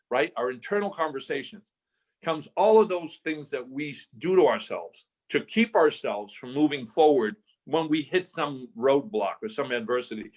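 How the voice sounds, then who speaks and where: Fairly high-pitched, this older male guest from Southern California narrates a story during a podcast interview, performing the voices of those he quotes and restarting phrases frequently.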